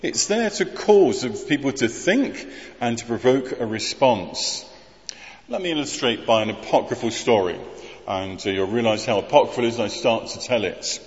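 Male preacher, lively pitch, long church reverb, muffled sound. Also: normal speed. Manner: conversational, with wry humor and rhetorical questions. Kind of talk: sermon.

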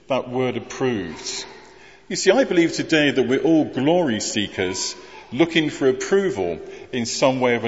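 A man preaching a sermon in a relaxed, conversational way, with wry humor and rhetorical questions. His pitch rises and falls freely. The sound is slightly muffled and carries the long reverb of a church.

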